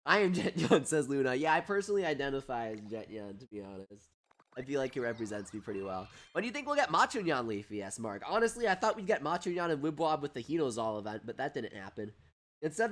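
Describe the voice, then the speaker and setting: A man hosting a livestream, giving excitable, chatty commentary on a mobile game while reading out viewer questions. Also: medium pitch. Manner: excitable, animated and chatty, often breaking into laughter. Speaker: streamer and host. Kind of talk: live gameplay commentary reading chat.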